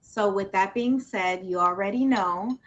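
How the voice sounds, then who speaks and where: A woman's voice: medium pitch, measured pace, muffled recording, slight background noise. A woman hosting a casual livestream talk show, effusive and emotional, calling out to her viewers and gushing over her guest.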